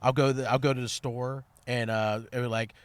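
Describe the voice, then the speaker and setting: A man's voice: mid-range voice, level tone, brisk, clear, resonant tone, no room sound. A man co-hosting a podcast, talking in a loose, casual way, swearing and trailing off with fillers. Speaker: podcast co-host. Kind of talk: casual chat.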